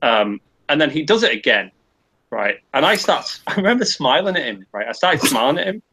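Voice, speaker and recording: Husky guy rambling through a story, swears a lot, keeps restarting. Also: on the high side, big pitch swings, brisk, sharp tone, rough recording. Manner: rambling, profane, frequent restarts. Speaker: podcast co-host. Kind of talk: casual storytelling.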